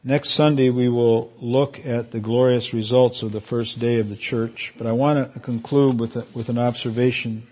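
A man preaching a sermon as pastor, fervent and emotional, with his voice climbing high at moments of feeling. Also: steady tone, moderate pace, hardly any pauses, a little mellow.

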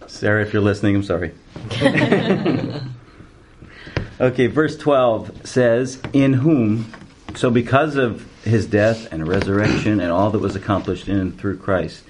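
A man's voice: lowish voice, measured pace, a little mellow. A man leading a casual group Bible study, chatty and telling stories between verses. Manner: chatty, storytelling, laughs easily. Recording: noisy amateur room recording.

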